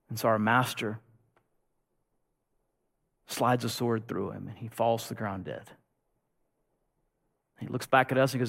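A male pastor preaching a sermon with animated storytelling that swings between loud and hushed. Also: medium pitch, unhurried, creaky, long pauses, long reverb tail.

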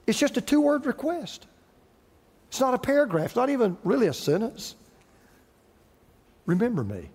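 A man preaching a sermon as pastor, with dramatic pauses and repetition. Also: very high voice, expressive, a little mellow, slightly rough, long reverb tail.

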